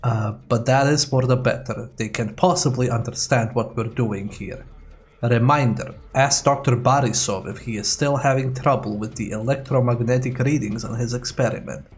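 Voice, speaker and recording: A man's voice: medium pitch, steady tone, moderate pace, lightly acted. A man doing a put-on Russian accent, voicing a Soviet male lab scientist who reads his notes aloud in a hammy, theatrical way. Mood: grandiose.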